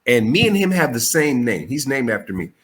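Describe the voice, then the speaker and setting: A man in his forties, a comedian, tells stories over a remote call in a casual, swearing way. His pitch jumps sharply when he acts out what he said, then drops back to a relaxed middle register. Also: fairly quick. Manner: animated, profane, jumps high for quoted lines. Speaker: comedian guest. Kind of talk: casual storytelling interview.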